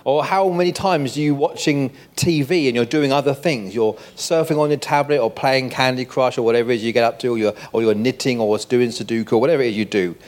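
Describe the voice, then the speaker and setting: A man's voice: mid-range voice, fast talker, few pauses. An older man giving a conversational sermon, full of rhetorical questions to the congregation. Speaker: preacher.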